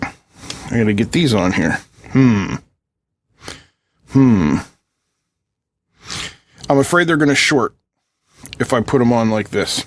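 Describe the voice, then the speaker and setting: An electronics channel host talks his way through a hands-on tutorial, cracking dry jokes and tossing teasing asides to viewers as he works. His average-pitched male voice is relaxed and conversational, slow with long pauses, as if the audience sat beside him at the workbench.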